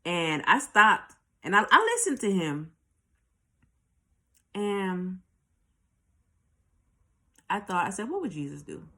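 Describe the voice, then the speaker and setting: With big pitch swings and long pauses, a woman speaks slowly in a mid-range, pushed, bright voice. As a channel host, she tells her own story candidly and profanely, often repeating a line for emphasis.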